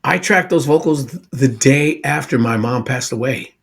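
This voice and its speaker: A man in his sixties hosts a casual podcast from his home studio. His voice is husky with a breathy edge, sitting in a middle range. He talks loosely and familiarly, with plenty of bro and dude. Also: mid-range voice, moderate pace. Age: 60s. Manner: easygoing, says bro and dude a lot. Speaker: podcast host. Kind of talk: casual chat.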